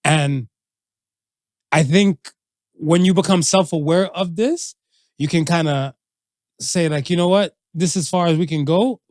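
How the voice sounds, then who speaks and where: A man's voice: on the high side, unhurried, pauses often, no room sound, clean studio sound. A man co-hosting a casual podcast, talking through relationships and current events in a loose, conversational way. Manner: conversational, drops into playful acted quotes. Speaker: podcast co-host. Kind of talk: casual chat.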